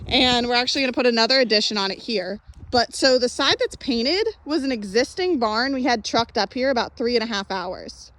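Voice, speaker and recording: A woman's voice: animated, brisk, few pauses, fairly bright tone. A young woman giving a casual walking tour of her farm, chatty and upbeat, a little out of breath, filmed on a handheld phone. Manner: chatty, upbeat, calls animals in a high voice. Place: outdoors on a farm and in a barn. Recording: faint outdoor background noise.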